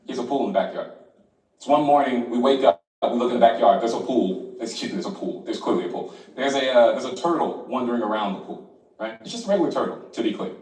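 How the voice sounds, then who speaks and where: A man from Florida performing a stand-up comedy set, acting out other people's voices and laughing between lines. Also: medium pitch. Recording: roomy hall, far from the mic, noisy.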